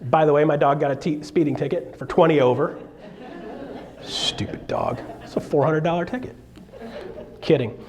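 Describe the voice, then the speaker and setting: A middle-aged man telling a jokey, animated story to a live audience as a real estate speaker, acting out voices as he goes. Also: on the high side, fairly quick.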